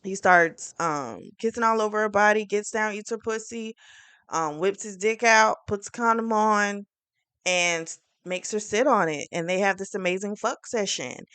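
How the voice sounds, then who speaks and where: A woman reviewing a book series, retelling the plot in a chatty, animated way with plenty of fillers. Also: mid-range voice, moderate pace, clear, resonant tone, dry recording.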